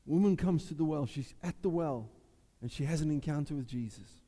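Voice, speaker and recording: Male pastor, dark mellow voice, animated sermon, reverberant hall. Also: a little high, a little fast. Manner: animated preaching, acting out Bible voices. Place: church.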